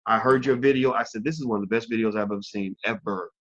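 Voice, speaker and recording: A man hosts an online interview in a lowish voice. He talks haltingly, with many fillers and restarts, and the sound is dull and lo-fi. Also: fairly bright tone. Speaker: host.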